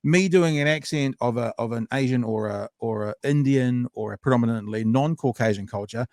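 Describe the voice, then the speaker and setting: A man's voice: mid-range voice, a little fast, darkish tone, dry recording. A man hosting a conversational interview podcast, jumping in eagerly and restarting his sentences often. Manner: eager, jumps in with repeated restarts. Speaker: podcast host.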